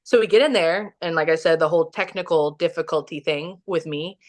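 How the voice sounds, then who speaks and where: As a podcast guest, a low-pitched woman from Kansas City, Missouri, in the Midwest, tells a story at a fairly quick pace. She's casual and rambling, saying "like" a lot and frequently starting over.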